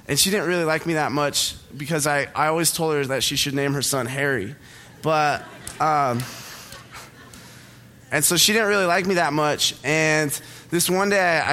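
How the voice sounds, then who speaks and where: A man's voice: on the high side, bright, forceful tone. Chatty young man giving a casual sermon. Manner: chatty, self-deprecating, laughs at own jokes. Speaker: pastor. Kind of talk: casual sermon with personal story. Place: church auditorium.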